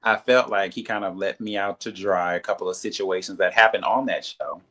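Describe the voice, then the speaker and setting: A reality TV cast member, appearing as an interview guest, gives his side of a falling-out on the show in a bright, forceful voice at a fairly quick pace. He speaks loosely and candidly, full of "like" and "you know." He animatedly acts out others' quoted lines in a higher voice.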